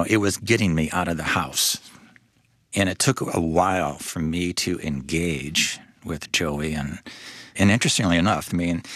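A man who is a guest on an interview, telling his story as a father in a reflective, halting way with many restarts. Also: low voice, fairly bright tone, no room sound, studio quality. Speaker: guest, father of a son with a disability. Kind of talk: personal testimony in a faith interview.

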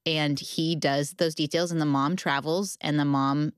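A middle-aged woman speaking as a guest author, telling quick relatable stories with frequent laughs. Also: low voice, steady tone, clear, resonant tone, dry recording, studio quality. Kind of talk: casual conversation.

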